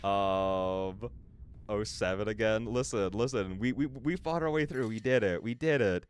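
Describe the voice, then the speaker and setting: A man's voice: on the low side, a little slow, smooth. Chatty male game streamer. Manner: chatty, rambling, heavy on "like" fillers; reads chat aloud and answers viewers. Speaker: livestreamer. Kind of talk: live horror game commentary.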